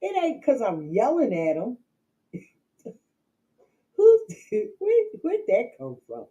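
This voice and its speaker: A woman's voice: a little high, wildly swooping pitch, slow, warm tone, lo-fi sound. A woman hosting a casual livestream from home, talking straight to her chat, laughing often and repeating herself. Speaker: livestream host.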